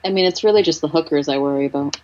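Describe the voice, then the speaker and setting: A woman in a casual comedic chat, blunt and slangy with deadpan quips. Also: sits low, racing, highs cut off.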